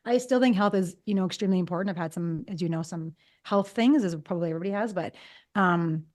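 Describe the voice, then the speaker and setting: A woman in her fifties talks quickly and chattily as a guest in a relaxed interview. She tells personal stories and slips into acting out both sides of old conversations. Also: fairly low pitch. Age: 50s. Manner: chatty, acts out past conversations. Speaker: psychologist guest. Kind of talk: casual storytelling interview.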